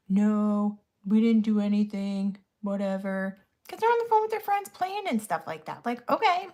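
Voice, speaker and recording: Blunt, chatty woman swearing casually. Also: on the high side. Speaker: vlogger. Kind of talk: casual chat while doing makeup.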